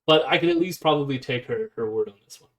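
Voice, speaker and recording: A man's voice: medium pitch, fast talker, a bit bright. A man hosting a casual live stream, reading an article aloud and commenting with fillers and self-corrections. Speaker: streamer host.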